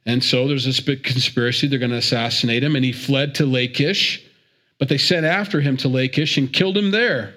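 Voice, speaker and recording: A man's voice: mid-range voice, fairly quick, bright, forceful tone. Chatty man teaching the Bible. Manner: chatty and digressive, with repeats and chuckles.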